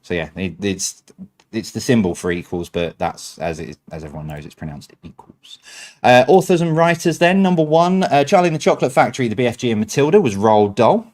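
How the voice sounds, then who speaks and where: A man's voice: mid-range voice, expressive, a little fast, darkish tone. A man hosts a quiz night over a stream. He reads each answer in a chatty, easygoing way. He breaks off now and then with self-mocking remarks. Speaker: quiz host.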